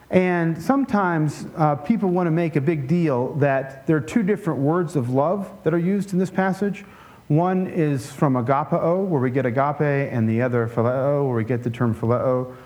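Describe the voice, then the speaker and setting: A man preaching a conversational sermon in a relaxed way, with joking asides and frequent restarts. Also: a little high, normal speed. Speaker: pastor.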